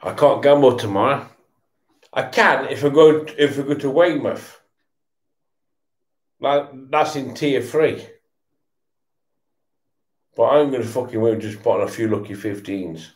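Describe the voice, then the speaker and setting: A man's voice: medium pitch, unhurried, long pauses, reverberant. A tipsy man, swearing and stammering through a casual rant while he watches football. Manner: swearing, repetitive, stammering restarts. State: tipsy from beer.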